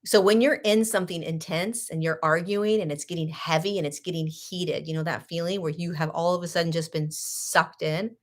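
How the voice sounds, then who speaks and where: Woman host with a slightly low voice, chatty and animated, laughs as she talks. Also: normal speed, few pauses. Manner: animated, laughing, swings between loud and hushed; frequent 'like' and restarts, sarcastic. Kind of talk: casual spiritual talk, personal storytelling.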